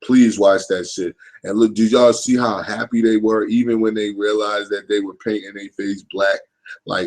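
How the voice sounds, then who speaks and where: A man's voice: lowish voice, steady tone, moderate pace, rough recording. A man in his thirties hosting a live stream, rambling in a loose, profane style and often checking in with his listeners. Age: 30s. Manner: rambling, profane, keeps asking "you know what I'm saying". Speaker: livestream host. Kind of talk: casual live-stream monologue.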